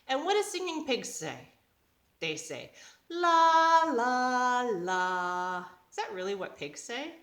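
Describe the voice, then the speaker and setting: A woman's voice: fairly high pitch, wildly swooping pitch, normal speed. A woman leading a children's yoga lesson, reading a picture book aloud, giving patient step-by-step instructions and making the animal sounds. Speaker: kids' yoga teacher. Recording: echoey room.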